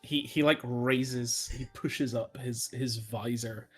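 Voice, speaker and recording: A man's voice: mid-range voice, steady tone, slow, fairly bright tone, breathy edge. A man playing a tabletop game, describing his knight's actions and speaking bluntly in character. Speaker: player. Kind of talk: tabletop role-play.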